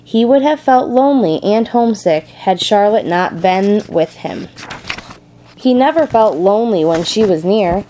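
A woman reading a storybook aloud in a calm, measured narrating voice. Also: medium pitch, slight background noise, rough recording.

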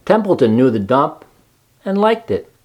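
A man reading a children's storybook aloud in a calm, measured way. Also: mid-range voice, slightly rough. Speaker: narrator.

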